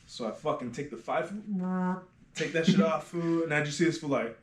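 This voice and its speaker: A man who works as a barber, telling shop stories on a casual podcast in a profane, animated way and calling everyone "fool". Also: a little high, moderate pace. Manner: profane, animated storyteller, says "fool" constantly. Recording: echoey room.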